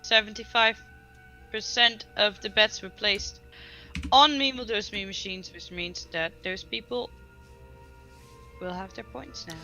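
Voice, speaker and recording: Bright-voiced woman co-casting esports. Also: medium pitch, measured pace, long pauses, lo-fi sound, soft background music. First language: not English. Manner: lively, laughs easily. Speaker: esports co-caster. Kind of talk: live esports commentary.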